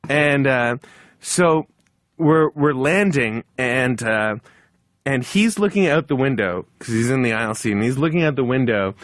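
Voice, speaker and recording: Animated man telling a story. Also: medium pitch, unhurried, no room sound, studio quality. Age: 30s. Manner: animated anecdote, shouting when he quotes others. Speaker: guest. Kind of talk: comedic storytelling on a podcast.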